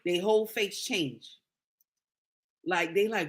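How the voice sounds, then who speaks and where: A woman's voice: medium pitch, a little slow, a bit bright. A woman giving casual, preachy commentary, addressing listeners as her sisters and repeating key lines for emphasis. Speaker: social commentator.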